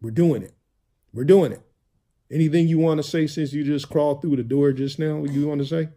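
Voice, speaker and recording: A brash, emphatic man with talks straight into the camera for his vlog. His voice sits a little high for a man, and he leans on his words and says them again and again. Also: fairly even intonation, fast talker, dark tone. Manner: brash, emphatic, repeats himself. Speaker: vlogger. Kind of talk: casual vlog talk to camera.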